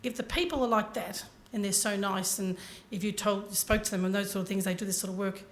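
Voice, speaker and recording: Fast-talking woman telling a story. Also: medium pitch. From Ireland. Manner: earnest, addresses audience directly. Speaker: conference speaker. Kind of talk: motivational storytelling talk.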